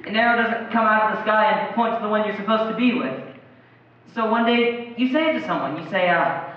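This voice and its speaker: A man's voice: sits high, fairly quick, dull audio. Wry man, distant and echoey. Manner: wry, reflective. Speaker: narrator. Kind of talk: scripted monologue.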